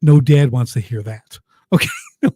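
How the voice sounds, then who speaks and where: A man in his fifties, a podcast guest telling family stories in a lively, emphatic way that turns emotional at moments. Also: mid-range voice, moderate pace, husky, dry recording, studio quality. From United States. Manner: lively, emphatic storyteller who gets choked up. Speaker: podcast guest, business coach. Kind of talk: casual storytelling in an interview.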